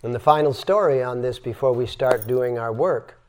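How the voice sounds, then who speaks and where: At medium pitch and moderate pace, with a darkish tone, an older yoga teacher gives a spiritual lecture. He shows how to breathe by exhaling in sighs, and his storytelling is emphatic.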